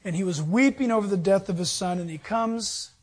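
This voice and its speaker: Dramatic preacher swinging loud to hushed. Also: medium pitch, a little fast. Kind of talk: sermon.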